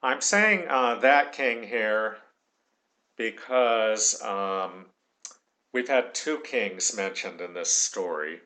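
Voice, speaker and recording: A man's voice: lowish voice, animated, extremely slow, sharp tone. A man giving a recorded tutorial, thinking aloud as he works and dictating punctuation marks. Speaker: tutorial instructor.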